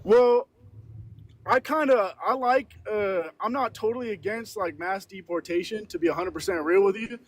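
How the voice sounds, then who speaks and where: A man in a car passenger seat calling in on his phone, talking in relaxed slang and swearing. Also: high-pitched, normal speed, low-quality recording. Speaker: caller. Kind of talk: casual call-in chat.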